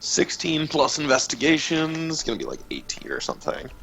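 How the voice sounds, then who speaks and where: A man taking part in a tabletop role-play as a player, speaking his character's lines in his own relaxed voice. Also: fairly high pitch, fairly quick, creaky, low-quality recording. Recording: faint music behind.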